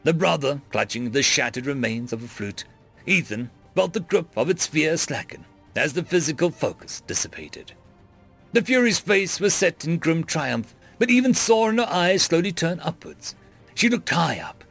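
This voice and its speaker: A man narrating a fantasy story in a dramatic, expressive reading. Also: a little high, normal speed, vocal fry, soft background music.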